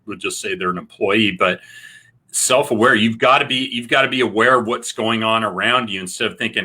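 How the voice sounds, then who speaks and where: A man's voice: on the low side, moderate pace, breathy edge. A man co-hosting a talk show, bluntly urging listeners to take action. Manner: forceful, exhorting, blunt. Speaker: co-host. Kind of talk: casual talk show discussion.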